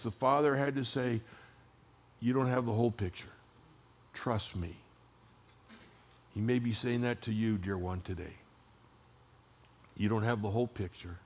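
A man in his sixties preaches with a slightly high voice, a pastor weaving his sermon as a casual story. At moments he drops to a hush, then his voice swells again.

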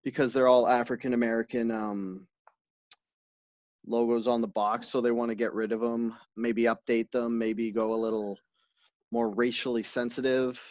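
A man's voice: mid-range voice, flat delivery, normal speed, darkish tone, no room sound. A man hosting a podcast in loose, casual talk, his voice in a middle register. He keeps things easygoing and chatty. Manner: laughs often, loose and chatty. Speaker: podcast host. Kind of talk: casual chat.

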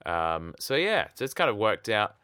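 Brief: male co-host, casual banter, low-ish bright crisp voice, dry mic. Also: very animated, normal speed, dry recording. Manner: joking, banter-heavy, hesitant fillers. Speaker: podcast co-host. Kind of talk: casual chat.

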